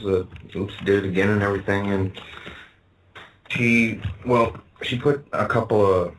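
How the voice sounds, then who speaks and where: A man's voice: lowish voice, far from the mic, slight background noise, rough recording. A man telling stories in a casual interview, meandering with fillers and restarts. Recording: voice from off the mic.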